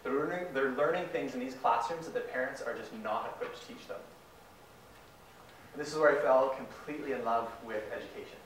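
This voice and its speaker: A man's voice: mid-range voice, brisk, a bit bright, slight background noise. A young man from Canada giving an enthusiastic guest talk, telling a story with acted-out quotes. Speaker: guest speaker. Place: large hall. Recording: echoey hall, mic far off, faint ambience.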